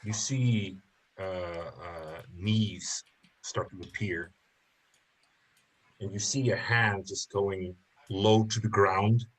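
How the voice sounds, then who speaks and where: A man runs a tabletop game as game master, narrating slowly and unhurriedly. His voice sits slightly low with a husky grain, and he pauses often to find his words. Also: fairly even intonation. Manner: slow, pausing narration with fillers.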